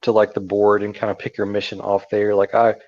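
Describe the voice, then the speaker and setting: A man's voice: on the low side, monotone, a little fast, a little mellow, lo-fi sound. A man co-hosting a casual video game chat, earnest and friendly. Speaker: co-host.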